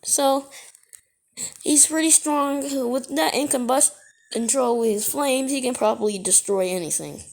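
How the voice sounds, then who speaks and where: A woman's voice: high voice, unhurried, creaky, darkish tone. A woman casually retelling a fan story as narrator, rambling and correcting herself as she goes.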